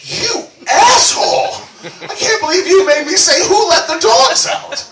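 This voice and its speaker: A man voicing a shrill, outraged girlfriend. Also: lively intonation, unhurried, distant mic, crowd noise. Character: exasperated young girlfriend on the phone. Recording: roomy live club recording from afar.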